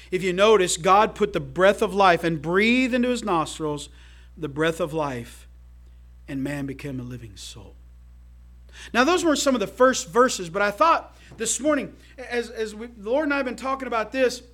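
A man preaching a sermon to his church in a folksy, emphatic way, swinging between loud calls to the congregation and quiet asides. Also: high-pitched. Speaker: pastor.

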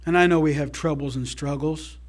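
A man preaching a sermon to his church in a folksy, emphatic way, swinging between loud calls to the congregation and quiet asides. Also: fairly high pitch, fairly even intonation, brisk. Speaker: pastor.

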